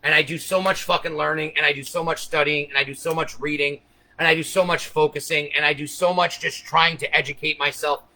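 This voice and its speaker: Male streamer, high bright voice, profane conspiratorial rambling monologue to viewers. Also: steady tone, brisk, rough recording. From United States. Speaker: livestream host.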